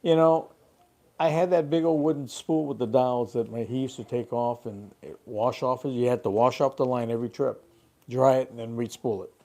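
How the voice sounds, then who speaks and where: An older man co-hosting a fishing show, chatting casually and telling animated stories about the old days. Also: mid-range voice, moderate pace. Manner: lively storyteller, animated. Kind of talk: casual chat.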